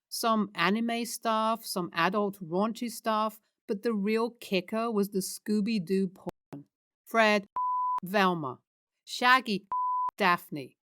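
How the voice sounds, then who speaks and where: A woman reading out a series of short anonymous stories as scripted narration, in a steady read-aloud delivery. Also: medium pitch, no room sound, clean studio sound. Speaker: story narrator.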